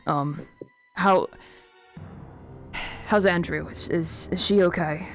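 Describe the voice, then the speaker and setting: A woman's voice: on the low side, slow pace, soft background music. A woman voicing a worried father on the phone who stammers anxiously.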